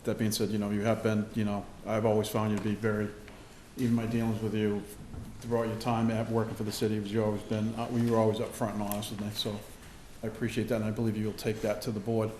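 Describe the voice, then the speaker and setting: A man with a low, level voice speaks at a council meeting, winding through his points with many restarts. The sound bounces around a roomy chamber with some faint noise underneath. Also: completely flat delivery, fast, darkish tone. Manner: rambling, many restarts and fillers. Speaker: city councillor. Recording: echoey meeting-room recording.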